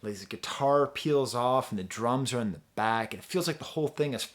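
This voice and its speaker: A man's voice: mid-range voice, lively intonation, a little fast. A man talking casually as a music reviewer, rambling and chatty, with frequent restarts and easy laughter. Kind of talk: casual album review talk.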